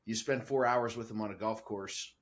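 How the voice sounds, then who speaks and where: A man's voice: fairly low pitch, fairly even intonation, moderate pace. A man from the Upper Ohio Valley hosts a podcast and talks with earnest enthusiasm. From Upper Ohio Valley, USA. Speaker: podcast host. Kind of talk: casual interview chat.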